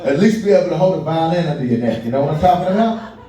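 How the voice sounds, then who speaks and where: This comedian's voice sits a little high, racing along with lively intonation. He's a Kentucky native doing relaxed, chatty stand-up in a small venue, talking with the crowd and laughing at his own material, captured by a far-off mic in an echoey room.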